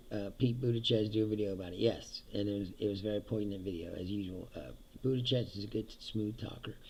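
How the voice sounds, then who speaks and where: A man's voice: medium pitch, gravelly. A middle-aged man hosting a livestream, giving sarcastic political commentary with frequent laughter and swearing. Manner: sarcastic, laughs often, swears, mimics others. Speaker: livestream host.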